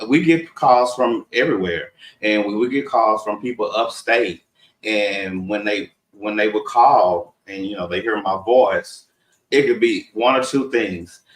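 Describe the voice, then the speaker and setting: A man's voice: fairly low pitch, measured pace, reverberant, recorded from a distance, poor audio. A man from Texas with a Southern accent, chatting casually and rambling as co-host of a live discussion. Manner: rambling, conversational, laughs often.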